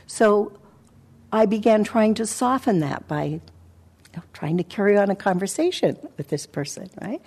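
A woman meditation teacher giving a dharma talk, telling a personal story in a reflective, halting way with soft pauses. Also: medium pitch, breathy edge. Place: meditation center hall.

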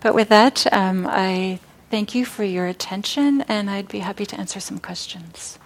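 A woman speaks at a mid pitch, unhurried and gentle as she retells an old teaching story. She pauses often and fills gaps with small hesitations. The talk is recorded in a meditation center hall. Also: a little hiss or hum. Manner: warm storytelling, hesitant fillers.

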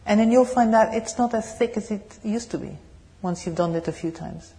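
A woman with a French accent tinged with British English, giving a meditation talk and answering questions in a gentle, searching way. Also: mid-range voice, moderate pace. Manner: gentle, searching, laughs softly, asks the audience questions. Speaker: meditation teacher. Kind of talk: dharma talk with Q&A. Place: meditation hall.

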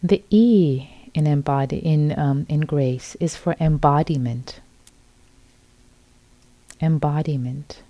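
A middle-aged woman giving a gentle, repetitive dharma talk as a meditation teacher at a retreat center. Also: low-pitched, slow pace, long pauses, dry recording, muffled recording.

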